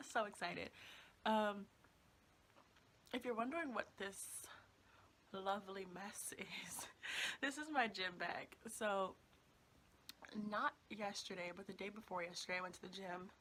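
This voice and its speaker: A woman's voice: mid-range voice, pushed and bright, slight background noise. A young woman vlogging casually, with a groggy morning voice, chatty and rambling with frequent laughs. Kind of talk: casual vlog chat.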